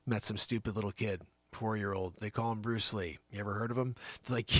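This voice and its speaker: A man hosting a show, doing an improvised comic monologue that swings from loud bursts to hushed asides. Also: on the low side, fairly quick, few pauses, no room sound. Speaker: comedy show host.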